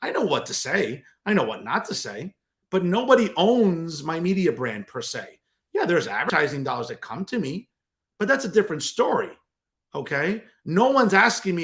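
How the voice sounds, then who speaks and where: Sarcastic, combative political commentary host. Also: male voice, high-pitched, sing-song, normal speed, fairly bright tone. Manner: combative, sarcastic, addresses viewers as "folks".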